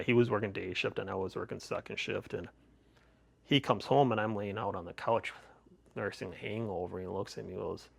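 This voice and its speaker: A man's voice: lowish voice, gravelly, fairly bright tone. A middle-aged man on a podcast, telling rambling personal stories with many restarts and laughs. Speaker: podcast host, guest. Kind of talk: casual interview storytelling.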